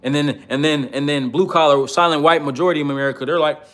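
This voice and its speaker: A man's voice: fairly high pitch, fairly even intonation, fast talker, a bit bright. A man giving a casual commentary monologue, rambling with many fillers and speaking bluntly and profanely. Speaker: political commentator.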